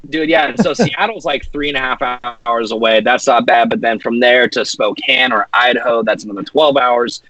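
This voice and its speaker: A man's voice: medium pitch, lively intonation, normal speed, gravelly, hardly any pauses, bright, forceful tone, no echo, muffled recording. Laid-back cursing man from Washington State. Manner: loose, profane, laid-back. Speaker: guest musician. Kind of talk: casual chat.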